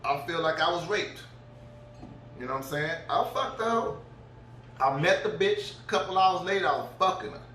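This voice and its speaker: A man's voice: high-pitched, expressive, moderate pace, sharp tone, slight background noise. A middle-aged man telling a crude, rambling story, laughing as he goes. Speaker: vlogger. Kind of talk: profane storytelling rant. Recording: roomy, distant mic.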